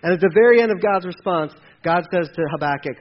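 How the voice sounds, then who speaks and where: A male pastor preaching a sermon in an animated way, acting out voices in quotes and sometimes dropping very soft. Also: sits high, fast talker. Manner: animated, acts out voices of God and people in quotes, then drops to soft near-whispers. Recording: dull lo-fi sound with faint noise.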